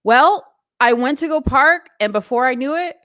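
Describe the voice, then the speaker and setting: A woman vlogger telling a story in a casual, animated rant full of asides. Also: sits high, moderate pace, dry recording, clean studio sound. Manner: chatty, animated retelling with asides.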